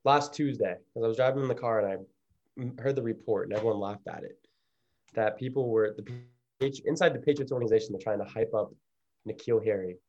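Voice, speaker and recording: Low, mellow man rambling casually. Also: a little fast, highs cut off. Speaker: podcast co-host. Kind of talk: casual sports chat.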